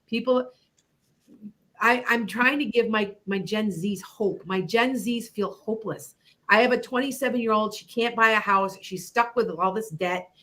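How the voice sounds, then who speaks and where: A woman's voice: a little high, normal speed, sharp tone. A middle-aged woman hosting an internet radio show, chatting loosely about her psychic predictions, rambling and laughing often. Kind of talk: casual chat about predictions.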